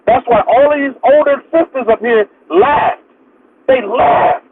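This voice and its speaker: A man's voice: extremely high pitch, a little slow, narrow, tinny audio, heavy background noise. A man giving an impassioned, preachy talk full of repeated rhetorical build-ups on a live audio chat.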